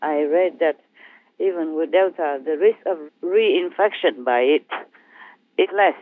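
A woman speaking as a spiritual teacher, talking gently and in a rambling way with hesitations. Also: deep voice, measured pace, no echo. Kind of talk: casual talk over a phone line. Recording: tinny phone line, dry.

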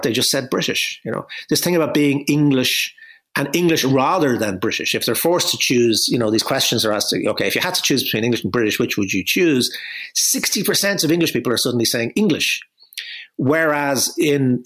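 A man's voice: medium pitch, fairly bright tone. Man, discursive, full of restarts. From Ireland. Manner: discursive, frequent restarts and "you know", wry laughs. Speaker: interview guest, commentator. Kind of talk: analytical conversational commentary.

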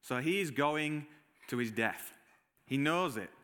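A man preaching a sermon, telling lively personal stories and acting out his own reactions, with a Northern English accent. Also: fairly high pitch, slow pace, smooth, long reverb tail. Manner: animated storytelling, acts out his own reactions. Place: church hall.

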